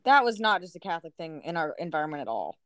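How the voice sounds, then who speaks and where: Young female co-host, smooth clear voice, dry close sound, blunt and direct. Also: fairly low pitch, very animated, fairly bright tone, no room sound. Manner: blunt, quick to disagree. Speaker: podcast co-host. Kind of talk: casual chat.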